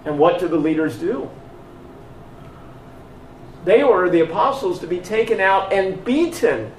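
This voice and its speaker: A man preaching a sermon, retelling a scripture story slowly and emphatically, acting out the exchanges between its characters. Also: high-pitched, expressive, far from the mic, slight background noise. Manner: slow, emphatic storytelling with voiced dialogue. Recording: echoey room picked up from afar.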